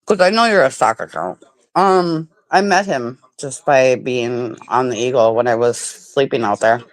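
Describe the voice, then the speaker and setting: A woman chatting casually on a livestream, animated and swearing freely as she tells stories. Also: very deep voice, measured pace. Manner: animated, swearing, talks with mouth full. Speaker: livestream guest. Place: home.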